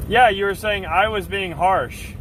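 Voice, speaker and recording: A man's voice: high-pitched, unhurried, fairly bright tone, a little hiss or hum. Assertive, fired-up man streaming live. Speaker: livestream host. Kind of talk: casual chat with live chat.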